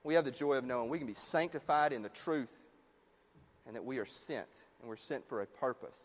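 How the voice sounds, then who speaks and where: A man preaching a sermon in a conversational way, dropping low and quiet on his key points. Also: a little fast, big-room sound. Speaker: pastor.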